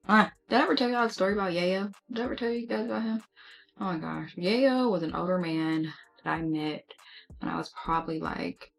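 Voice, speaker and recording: A young woman with a low, gravelly voice talks straight to her viewers in a sassy, candid storytime chat. Her delivery is casual and unfiltered, like she is catching up with a friend. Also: a little fast. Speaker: beauty vlogger.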